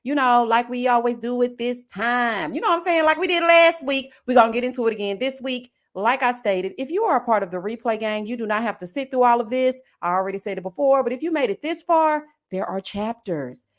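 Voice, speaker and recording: A woman giving sassy, animated live-stream commentary on a reality show. She keeps calling her viewers honey and child. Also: fairly high pitch, brisk, hardly any pauses. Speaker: YouTube reality-show reviewer.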